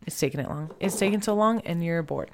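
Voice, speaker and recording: A woman's voice: lowish voice, quick pace, slight background noise. A woman presenting art in casual chat, chatty, laughing often and saying "like" a lot.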